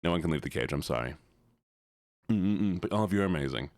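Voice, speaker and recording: Guy streamer chatting w his viewers, playful and teasing, pitch jumps all over, dry sound. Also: expressive, a little fast, a little mellow, dry recording. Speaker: live streamer. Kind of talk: casual live-stream chat with viewers.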